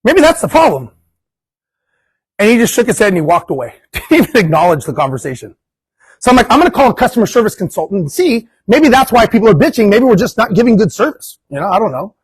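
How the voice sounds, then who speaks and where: Man, guest speaker, storytelling, acts out dialogue, casual swearing, husky, dry sound. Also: high-pitched, very animated, fast talker, dry recording, poor audio. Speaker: guest speaker at investor meetup. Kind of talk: storytelling talk to a live audience. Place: meeting room.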